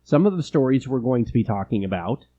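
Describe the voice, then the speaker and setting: Chatty middle-aged man with a husky voice. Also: mid-range voice, fast, highs cut off. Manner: chatty, laughs easily, lively storytelling. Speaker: podcast co-host. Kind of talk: casual chat.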